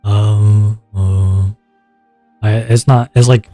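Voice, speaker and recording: Slow, relaxed man with a sore throat. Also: dry recording, faint music behind. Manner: rambling, self-conscious, talking in a relaxed low voice. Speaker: streamer. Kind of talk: casual gameplay chat.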